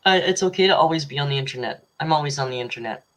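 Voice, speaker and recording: A woman's voice: deep voice, very fast. A woman hosting a casual livestream. She reads out viewers' super chats and rambles chattily, teasing and laughing often. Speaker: livestream host. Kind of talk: casual live chat reading super chats.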